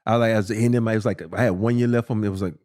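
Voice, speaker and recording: A man in his fifties, a former basketball player and podcast guest, telling a profane, animated story and acting out what people said. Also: fairly low pitch, rapid-fire. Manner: animated, profane, acts out quotes in a raised voice. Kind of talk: casual storytelling.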